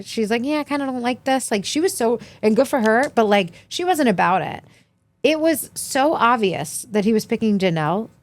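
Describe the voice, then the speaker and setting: A woman's voice: mid-range voice, no room sound. A young woman co-hosting a podcast, recapping reality TV in casual chat and acting out quotes in many voices. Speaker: podcast co-host.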